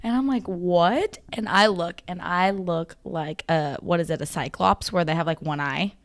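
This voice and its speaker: A young woman co-hosting a podcast, telling a story in casual chat, laughing and at times dropping to a low mutter. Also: moderate pace. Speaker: podcast co-host.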